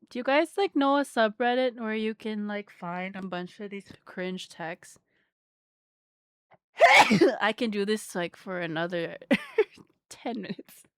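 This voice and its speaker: A woman's voice: medium pitch, smooth, no echo, clean studio sound. A young woman streamer chatting casually with her audience, rambling with lots of "like". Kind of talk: casual live-stream chat.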